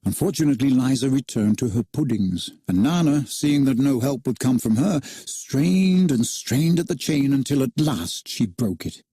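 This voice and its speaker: Man reading a kids story out loud, kinda husky, lots of expression in the voice. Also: mid-range voice, moderate pace, hardly any pauses, no room sound, studio quality. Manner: expressive, animated narration.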